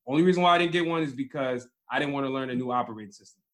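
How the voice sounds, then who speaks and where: A man co-hosting a podcast in casual chat, with relaxed, teasing banter. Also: medium pitch, rapid-fire. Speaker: podcast co-host.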